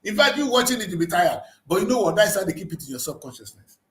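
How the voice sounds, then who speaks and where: A man hosting a newspaper review show, arguing in an animated, emphatic way full of rhetorical questions. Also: high voice, fast. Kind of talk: heated studio discussion. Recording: roomy studio echo.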